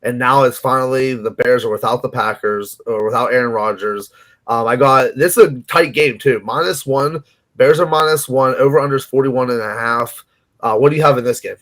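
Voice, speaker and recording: A man's voice: medium pitch, fairly quick, fairly bright tone. Rambling male sports podcast co-host. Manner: rambling, hedging, lots of ums and restarts. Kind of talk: casual sports betting chat.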